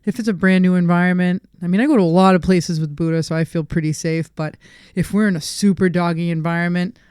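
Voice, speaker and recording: A woman's voice: lowish voice, fast talker, smooth, no echo, clean studio sound. A woman co-hosting a casual dog-training podcast, talking emphatically and acting out what she says. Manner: emphatic, animated, laughs often, acts out quotes. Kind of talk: casual chat.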